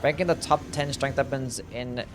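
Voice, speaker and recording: A man's voice: mid-range voice, normal speed. A young man streaming a video game, chatting casually, swearing freely and answering his chat. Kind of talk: casual gameplay commentary. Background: game music.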